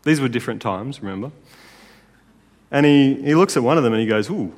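A man's voice: mid-range voice, a little fast, a little hiss or hum. Casual male preacher in a reverberant hall. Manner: casual, conversational, with tag questions. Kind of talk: sermon.

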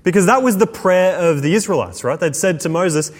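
A man preaching a sermon, swinging between slow, hushed emphasis and quick asides. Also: sits high, expressive. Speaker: pastor. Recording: long hall reverb.

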